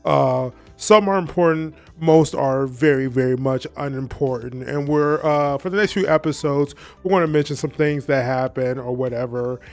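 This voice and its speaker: A man's voice: mid-range voice, moderate pace, hardly any pauses, darkish tone, faint music behind. A man hosting a casual commentary recap, rambling and profane and often laughing. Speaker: video essay host.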